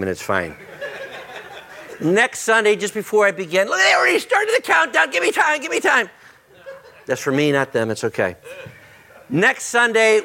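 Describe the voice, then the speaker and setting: A man, a pastor making church announcements with joking banter before starting his sermon. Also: on the high side. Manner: joking, warm-hearted banter with the congregation. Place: church auditorium.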